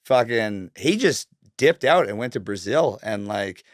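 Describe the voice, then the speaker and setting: A man's voice: fairly low pitch, lively intonation, unhurried, no room sound, clean studio sound. A man from Northern Canada, telling a story as a podcast guest in a laid-back, heavily cursing way. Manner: laid-back, heavy swearing, fillers like "like". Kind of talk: casual storytelling.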